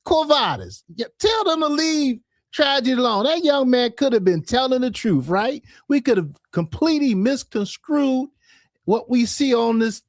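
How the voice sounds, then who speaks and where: A man's voice: extremely high pitch, moderate pace, dry recording, clean studio sound. A man hosting a casual livestream, chatting animatedly and laughing at himself. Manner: animated, self-mocking, laughs often. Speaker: livestream host.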